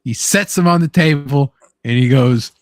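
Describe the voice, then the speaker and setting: A young man hosting a casual chat, excitable and swearing freely, acting out quotes as he talks. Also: mid-range voice, normal speed, dry recording, clean studio sound. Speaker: podcast host.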